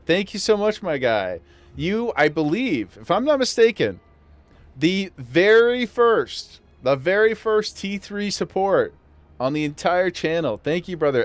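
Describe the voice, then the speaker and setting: A man's voice: a little high, no echo. A man streaming a game, chatting casually and enthusiastically thanking viewers. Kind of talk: casual gameplay livestream chat.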